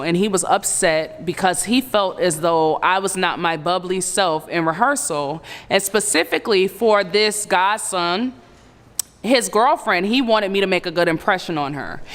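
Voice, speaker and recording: A woman's voice: medium pitch, a bit bright. Woman in her thirties recounting, echoey. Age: 30s. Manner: earnest, halting retelling with many fillers. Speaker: survivor telling her story. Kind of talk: personal testimony.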